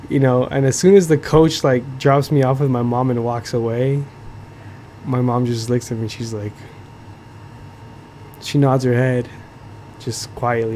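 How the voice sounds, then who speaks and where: A young podcast host tells a story in casual chat, speaking unhurriedly in a dark-toned, medium-pitched voice with fairly even intonation and long pauses. He swears a lot, leans heavily on "like," and keeps checking in with "you feel me," with slight background noise behind him.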